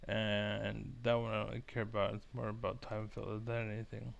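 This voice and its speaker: A man's voice: lowish voice, completely flat delivery, fairly quick, vocal fry. A man giving rambling, profane commentary as a vlogger reacting to clips, full of fillers. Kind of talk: casual ranting commentary.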